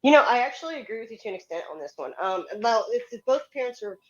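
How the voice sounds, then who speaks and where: A woman's voice: fairly high pitch, very animated, fast talker, muffled recording. A woman co-hosting a podcast, rambling and stammering as she argues and asks questions. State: cold. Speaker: podcast co-host. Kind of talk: casual debate chat.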